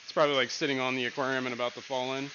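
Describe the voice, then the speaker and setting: Man, relaxed rambling chat, home fish room, muffled lo-fi audio, audible room hum. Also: mid-range voice, racing. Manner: rambling, laid-back, lots of fillers. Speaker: livestream co-host. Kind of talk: casual livestream chat. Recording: dull lo-fi stream audio with room noise.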